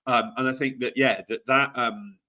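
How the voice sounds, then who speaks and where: Male podcast co-host, halting delivery, lots of ums and restarts, mid-pitched. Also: fairly even intonation, sharp tone. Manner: halting, many fillers and restarts. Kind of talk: casual political chat.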